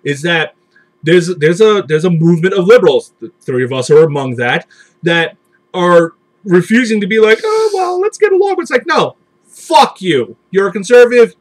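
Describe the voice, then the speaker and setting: High-voiced man in a profane rant. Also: lively intonation, normal speed. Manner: profane ranting, mocking voices. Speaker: podcast host. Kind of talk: heated political chat.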